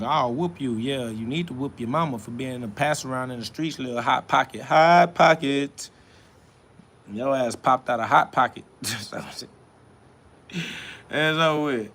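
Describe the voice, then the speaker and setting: A man's voice: medium pitch, fairly bright tone, slight background noise. A man hosting a casual livestream, answering chat comments in a mocking, preachy, profane and rambling way. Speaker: livestream host.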